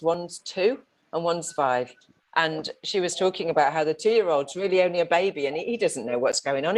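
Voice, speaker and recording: A woman's voice: fairly low pitch, darkish tone. A woman hosting a livestream from a protest, speaking earnestly and reacting briefly to the speeches. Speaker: livestream host. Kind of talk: live commentary at a protest.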